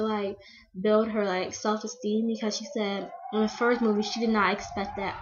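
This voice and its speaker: A woman's voice: mid-range voice, noisy background. Rambling teen girl on dull webcam audio. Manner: rambling, filler-heavy, frequent restarts. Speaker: vlogger. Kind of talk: casual fan vlog rant.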